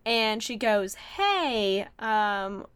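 A young woman hosting a podcast tells a long story in casual chat, her voice at an ordinary middle pitch. She talks in an animated way, full of "like" and "um", and acts out her own excited reactions. The sound is dry and close, with little room around it. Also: extremely slow, clean tone, dry recording. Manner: animated, quotes herself in excited voices, many fillers. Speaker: podcast host.

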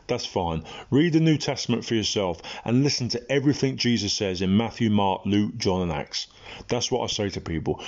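Blunt low-voiced British preacher. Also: male voice, darkish tone, highs cut off. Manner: impassioned, blunt, conversational with frequent ums. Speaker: Christian preacher. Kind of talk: informal online sermon.

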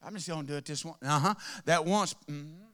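A man preaching a sermon with speech, swinging between impassioned shouting and quiet, intimate asides. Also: fairly high pitch, a little fast. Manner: impassioned, shouting at peaks, then dropping to a murmur.

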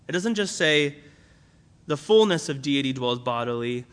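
A man's voice: on the high side, expressive, normal speed, bright, forceful tone. A young man preaching a sermon in a conversational way, with fillers and restarts as he explains a Bible passage. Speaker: pastor.

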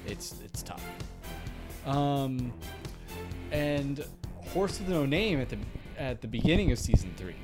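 A man talking loosely on a podcast, drifting from thought to thought and cursing easily. His pitch sits in the middle for a man. Clear guitar music plays under his voice. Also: very animated, slow pace, long pauses. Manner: laid-back, rambling, swears freely. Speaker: podcast co-host. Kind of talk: casual chat.

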